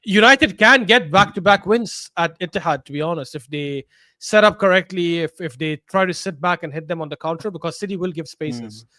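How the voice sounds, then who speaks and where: A man's voice: high voice, a little fast, bright, forceful tone, dry recording, clean studio sound. A young man co-hosting a casual football podcast, blunt and opinionated, teasing the others. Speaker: podcast co-host.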